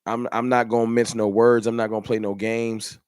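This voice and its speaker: A man's voice: mid-range voice, little pitch movement, fairly quick, a little mellow, clean tone, no echo, studio quality. A man hosting a fan channel livestream, ranting in an emphatic, repetitive, slangy way. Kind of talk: livestream rant.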